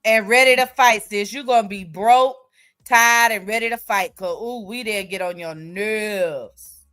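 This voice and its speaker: A woman co-hosting a livestream, playful and quick with interjections. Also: medium pitch, a bit bright. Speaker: livestream co-host. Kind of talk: casual livestream chat.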